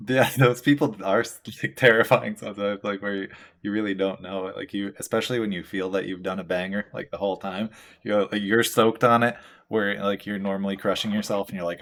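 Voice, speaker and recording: A man's voice: fairly low pitch, fairly even intonation, fairly quick, fairly bright tone. A man hosting a tattoo podcast, talking in a laid-back, rambling way with lots of fillers and the odd swear word. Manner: reads out listener questions. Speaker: tattoo artist and podcast host. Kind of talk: casual chat.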